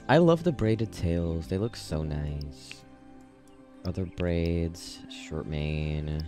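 A man with a very low, gravelly voice talks slowly through casual gameplay commentary. He is gushing and excitable, gasping often, with faint game music underneath. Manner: gushing and excitable, with frequent gasps. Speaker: gaming video creator.

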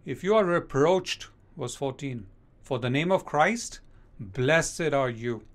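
A man preaching a sermon as pastor, speaking emphatically and slowing down to read scripture verses aloud. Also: fairly high pitch, expressive.

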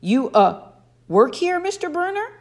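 A woman's voice: very high voice, very animated, unhurried, voice pushed up, full character voice. A woman voicing an anxious, confused young boy who asks questions in a raised, nervous voice.

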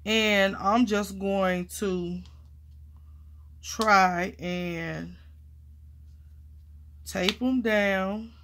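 Slow-talking, excitable woman crafter. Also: medium pitch. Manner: chatty and excitable, talks to viewers as y'all and honey; drops to quiet murmurs while working. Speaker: crafting vlogger. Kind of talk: casual chat while crafting.

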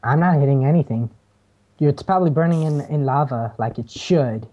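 A woman chatting jokily while playing a game, often repeating herself when excited. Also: very deep voice, fairly quick, lo-fi sound. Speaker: gamer on a team. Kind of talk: casual let's-play chat.

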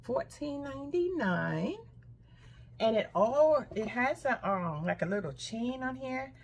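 A woman's voice: on the high side, expressive, measured pace, a little hiss or hum. An older woman casually chatting to her viewers about her shopping haul, talking straight to them and squealing with delight. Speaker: haul vlogger.

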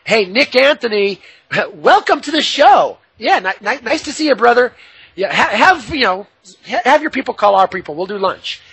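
Husky, animated radio host. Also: male voice, very high-pitched, normal speed, no room sound. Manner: laughing, jokey, wry. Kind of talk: casual radio banter.

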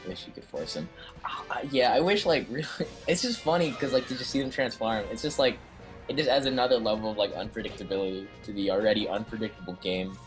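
Young man, game commentator, casual and slangy, excitable, frequent swearing, faint background music. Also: fairly low pitch, fast talker. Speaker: stream commentator.

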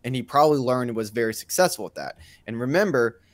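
A man's voice: mid-range voice, expressive, fast, no room sound. Thoughtful man, dry close sound. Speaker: teacher and podcast co-host. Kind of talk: casual podcast discussion.

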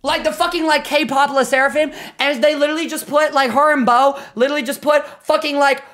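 Excitable, foul-mouthed young woman streamer. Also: sits high, a little fast. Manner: excitable, swears constantly, bursts into loud laughter. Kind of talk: casual livestream reaction chat.

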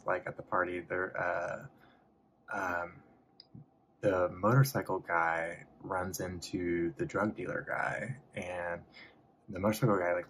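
A man giving a soft-spoken, rambling ASMR movie recap from memory, full of "like" and "um". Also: low-pitched, vocal fry, slight background noise. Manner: rambling, lots of "like" and "um", laughs between lines. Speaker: host.

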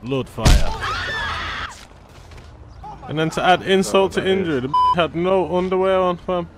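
A young man giving gameplay commentary, loud, swearing often and full of street slang. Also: high-pitched, fast, heavy background noise. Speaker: gaming YouTuber.

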